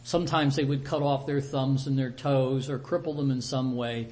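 A man's voice: mid-range voice, fairly even intonation, normal speed, a little mellow. A man teaching a Bible study, retelling the passage in a conversational way with asides to his group.

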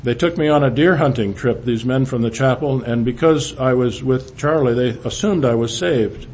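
An older man telling a personal testimony to a church, halting, with frequent restarts, often dropping low and quiet. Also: a little hiss or hum. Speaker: speaker giving testimony.

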